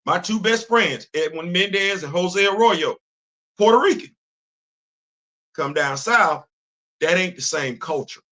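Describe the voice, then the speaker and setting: A middle-aged Bronx native hosts a casual opinion monologue on a streaming setup, his high-pitched voice sharp in tone with lively intonation. He goes unhurriedly with long pauses, speaking conversationally and emphatically in street slang while repeating and restarting.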